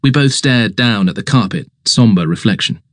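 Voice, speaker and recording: A man narrating a comic story in a lively way. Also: on the low side, normal speed, no echo, studio quality.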